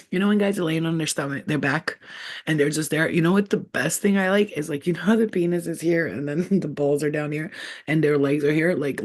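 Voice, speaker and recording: A woman's voice: fairly low pitch, a little mellow. A woman hosting a casual live stream from home, talking in a rambling, profane and giggly way. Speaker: channel host.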